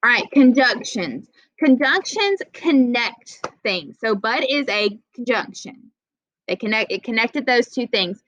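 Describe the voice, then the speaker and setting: A young adult woman teaching an online writing class, patient and encouraging, reading example sentences slowly. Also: fairly high pitch, expressive, a bit bright, no echo, poor audio. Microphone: video call.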